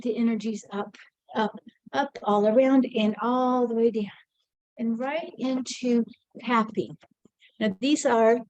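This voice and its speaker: Higher-voiced woman walking you thru an energy routine, chatty, bit out of breath, dry sound. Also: darkish tone, no echo, low-quality recording. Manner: chatty, encouraging, narrates her own movements. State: slightly out of breath. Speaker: energy medium and teacher. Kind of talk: casual instructional demonstration.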